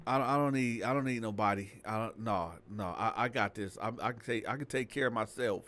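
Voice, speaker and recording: A man's voice: extremely high pitch, big pitch swings, unhurried, pitched above the performer's own voice, heavily acted. A man voicing a shaken young woman tenant who stammers and holds back. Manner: hesitant, stammering.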